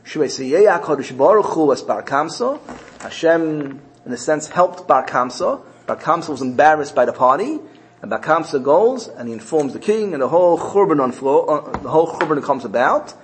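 A man's voice: a little high, normal speed, rough recording. A man teaching a Torah class, telling stories earnestly and with animation. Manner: earnest, animated storyteller mixing Hebrew terms. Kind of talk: storytelling Torah lesson.

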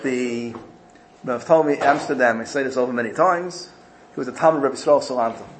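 A man's voice: mid-range voice, fairly quick, noisy background. A man teaching a Torah class, telling stories and often repeating and restarting words as he searches for his phrasing. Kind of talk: Torah class lesson with storytelling.

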